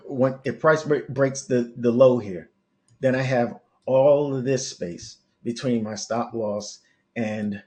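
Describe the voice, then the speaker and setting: A man teaching forex trading on a live stream, thinking aloud over his charts with many restarts and coaching his viewers directly. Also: mid-range voice. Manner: coaching, talks straight to viewers. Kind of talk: live market analysis stream.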